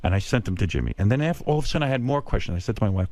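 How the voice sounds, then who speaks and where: A middle-aged man hosting a radio talk show, teasing his guest and mocking himself. His pitch swings freely as he talks. The studio sound is close and dry. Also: racing, hardly any pauses, no echo. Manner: teasing, self-mocking, lively. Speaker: radio host. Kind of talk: casual radio interview. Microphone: studio microphone.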